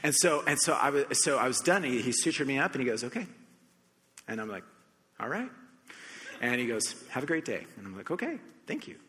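A man from the United States preaching a sermon, telling a personal story with animated shifts between soft reflection and excited emphasis. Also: medium pitch, fast talker. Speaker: pastor. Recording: long hall reverb.

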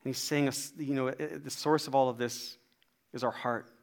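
A man preaching a sermon, telling a personal story in an animated, self-deprecating way. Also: medium pitch, normal speed, creaky. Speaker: pastor.

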